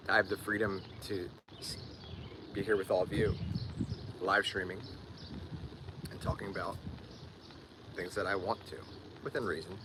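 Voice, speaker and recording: A man's voice: low voice, level tone, normal speed, pauses often, background noise. A man with a Philadelphia accent talking casually to viewers on a live stream, often repeating words as he searches for them. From Delaware County, Pennsylvania. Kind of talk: casual livestream chat.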